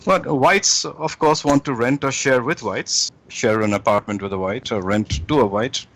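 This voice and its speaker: A man being interviewed as a guest author, laying out his argument deliberately, often acting out quoted speech. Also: mid-range voice, a bit bright. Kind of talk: talk show interview.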